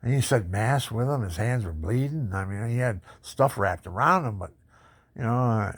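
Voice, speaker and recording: A man telling his life story in a personal testimony, animated and boastful, laughing often. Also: mid-range voice, normal speed, dry recording.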